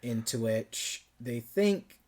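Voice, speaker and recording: A man co-hosting a casual film podcast, speaking at an average pitch for a man. He rambles a little, drifting between personal asides and the plot, and fills gaps with easy verbal fillers. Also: lively intonation, slow pace, a little mellow. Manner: chatty, loose, trails off with fillers. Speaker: podcast co-host. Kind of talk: casual movie review chat.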